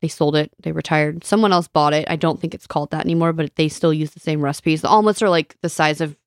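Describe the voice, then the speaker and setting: A woman's voice: low-pitched, fairly even intonation, fast, dry recording, studio quality. A woman co-hosting a casual podcast, wisecracking and swearing casually. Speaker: podcast co-host. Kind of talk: casual chat.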